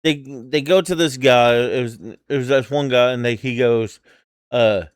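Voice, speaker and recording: Guy cohosting a podcast, kinda hesitant, smooth resonant voice, dry close sound. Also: medium pitch, steady tone, normal speed, no echo. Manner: hesitant, many restarts and fillers. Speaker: podcast co-host. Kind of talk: casual chat.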